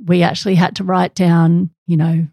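A woman telling how she and her husband rebuilt their business, in a calm, matter-of-fact way. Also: on the low side, normal speed, no room sound. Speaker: business co-owner and wife. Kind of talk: personal storytelling.

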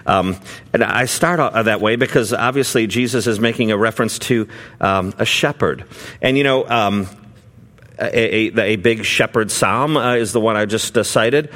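A middle-aged man, a pastor, preaching a sermon in a relaxed conversational way, with many fillers and restarts as he tells a story. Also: on the low side, moderate pace.

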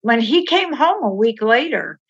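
A middle-aged woman, a podcast guest, telling candid personal stories in an animated way and acting out the dialogue. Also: on the high side, moderate pace, husky. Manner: animated, acts out quoted dialogue, laughs while telling. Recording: slightly dull, lo-fi sound.

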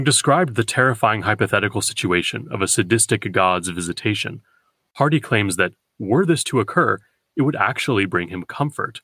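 A man hosting a poetry podcast, giving a scripted, measured lecture and slowing down to read verse. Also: fairly low pitch, lively intonation, sharp tone, slightly rough, dry recording. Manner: measured, deliberate, slows for quoted verse.

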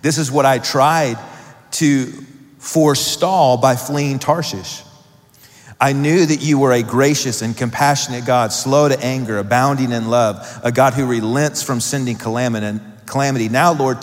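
A man's voice: medium pitch, fairly even intonation, a little slow. A man preaching a sermon, reading scripture aloud and then driving his points home with rising emphasis. He slips in light joking asides between passages. His voice carries a long reverb from the hall around him. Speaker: pastor. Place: church hall.

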